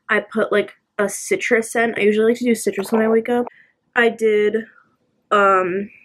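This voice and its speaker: A woman's voice: medium pitch, slight background noise. A young woman talking casually to camera in a home vlog, filling her talk with "like" and "um". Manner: chatty, lots of "like" and "um". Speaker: vlogger. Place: at home, bedroom.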